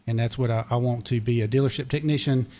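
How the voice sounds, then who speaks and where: A man, a podcast guest telling a long, digressive story in a hoarse voice because he is losing it. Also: medium pitch, steady tone, quick pace, dark tone. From Charlotte area, North Carolina. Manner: digressive, detail-heavy storyteller. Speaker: podcast guest, former race mechanic. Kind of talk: long rambling story told in casual chat.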